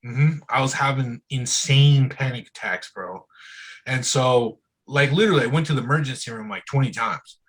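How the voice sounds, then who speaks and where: A man's voice: mid-range voice, normal speed, fairly bright tone, breathy edge, low-quality recording. A man as an interview guest in casual, candid conversation, speaking loosely and frankly and often saying "bro" and "dude".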